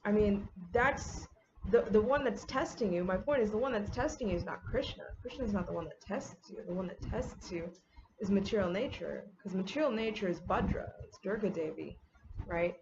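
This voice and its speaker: A woman's voice: medium pitch, normal speed, background noise. Young adult woman, casual vlogger, rambling and filler-heavy, faint background ambience. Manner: chatty, many "like"s and "um"s. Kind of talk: casual get-ready-with-me talk. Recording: slightly dull audio with faint ambience.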